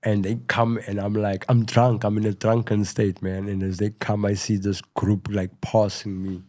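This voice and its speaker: A middle-aged South African man telling his story in a casual interview, rambling and full of "you know," going quieter at tense moments. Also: fairly low pitch, level tone, moderate pace. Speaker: podcast guest.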